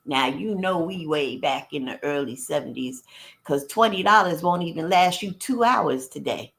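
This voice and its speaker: A woman's voice: deep voice, animated, normal speed, creaky, fairly bright tone. A woman reading a memoir aloud on a live stream and breaking off to greet viewers and add blunt, profane side comments. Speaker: audiobook reader and live-stream host.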